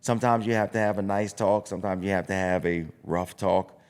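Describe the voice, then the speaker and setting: With a low, resonant, clear voice and a brisk pace, a middle-aged boxing coach speaks bluntly on a casual podcast. He is animated and acts out the voices of self-talk.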